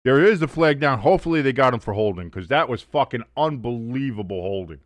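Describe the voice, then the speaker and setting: A man hosting a live sports watch-along, talking through the plays, swearing freely and arguing loudly with the referees' calls. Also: medium pitch, brisk, no room sound. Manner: excitable, swears, argues with the referees.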